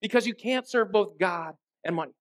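A man's voice: high voice, normal speed. A man preaching a sermon in a conversational way, often asking his listeners rhetorical questions. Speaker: pastor.

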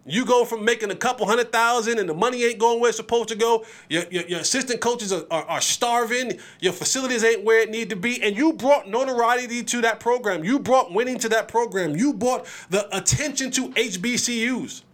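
A man hosting a solo sports podcast, talking in an animated, emphatic way and often repeating words as he builds his points. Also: very high-pitched, fairly quick, few pauses.

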